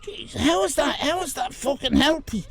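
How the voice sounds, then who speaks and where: An Irish man livestreaming, shouting and swearing in a comic rant. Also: extremely high pitch, lively intonation, moderate pace, slight background noise. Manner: loud, profane ranting and shouting; comic exasperation. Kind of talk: live stream chat.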